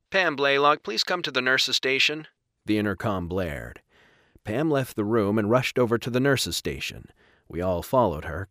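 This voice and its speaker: A man narrating a first-person audiobook in an even, measured reading. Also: fairly low pitch, dry recording, studio quality.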